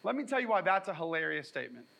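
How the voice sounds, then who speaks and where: A man's voice: high-pitched, big pitch swings, very fast, gravelly, bright, forceful tone, low-quality recording. A man preaching a sermon in a casual, jokey way, slipping into sarcastic voices when he quotes people. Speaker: pastor.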